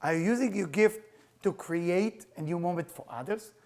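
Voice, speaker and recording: A middle-aged man, a spiritual teacher, telling personal stories in an animated, earnest lecture, in halting broken English. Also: high-pitched, gravelly. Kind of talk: storytelling lecture.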